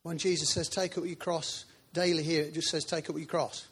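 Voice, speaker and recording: Husky-voiced man preaching informally. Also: a little high, little pitch movement, fairly quick, fairly bright tone. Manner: chatty, informal, asides to congregation. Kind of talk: sermon. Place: church.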